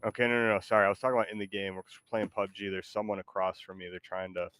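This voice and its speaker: A man's voice: low-pitched, level tone, racing, a bit bright, dry recording. Casual young-sounding man streaming a game. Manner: casual, playful. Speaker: Twitch streamer. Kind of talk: casual gaming stream chat.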